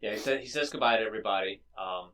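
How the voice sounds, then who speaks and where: A man's voice: on the low side, rapid-fire, bright, forceful tone, a little hiss or hum. A man co-hosting a casual movie podcast, laid-back and agreeable, filling in with lots of "you know". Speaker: podcast co-host.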